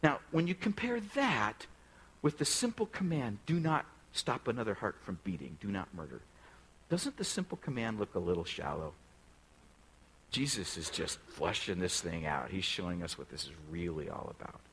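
A man's voice: lowish voice, big pitch swings, normal speed, fairly bright tone, husky, poor audio. A male pastor preaching a sermon in a conversational way, often putting direct questions to the congregation.

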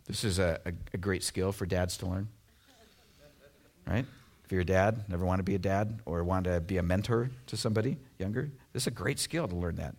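A middle-aged man from Oregon preaching a sermon in a conversational, storytelling way with self-deprecating humor. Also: medium pitch. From Oregon, USA. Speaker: pastor.

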